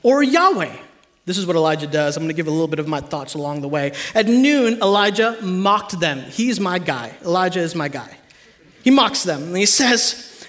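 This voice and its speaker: A pastor delivering an animated, conversational sermon to his congregation. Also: high voice, moderate pace.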